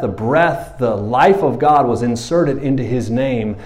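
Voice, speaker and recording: Animated male pastor preaching a sermon. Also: medium pitch. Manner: animated, acts out Bible characters in quick voices.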